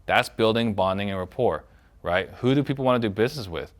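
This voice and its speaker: A man with a fairly low voice teaches a recorded sales training course. He coaches in a direct tone and slips into the voices of prospects to demonstrate. His loudness and pace rise and drop to show each point. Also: fast talker.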